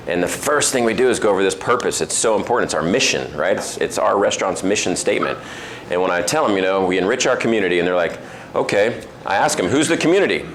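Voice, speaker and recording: Low and a bit bright, this man's voice belongs to a restaurant owner chatting casually with a men's group in a restaurant dining room. He tells stories, imitates the people he quotes, and leans on many fillers, with slight background noise audible.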